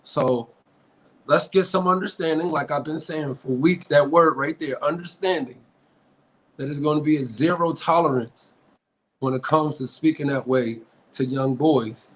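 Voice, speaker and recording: A man co-hosting a podcast, talking in an emphatic, preachy way that climbs close to shouting when he gets riled. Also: on the high side, a little slow, poor audio. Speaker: podcast co-host. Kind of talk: heated casual debate.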